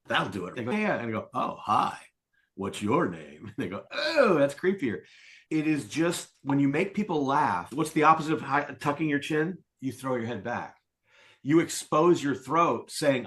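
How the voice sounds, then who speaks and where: Man, middle-aged, sales coach, podcast interview, animated storytelling, acts out quotes, mid pitch. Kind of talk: conversational interview.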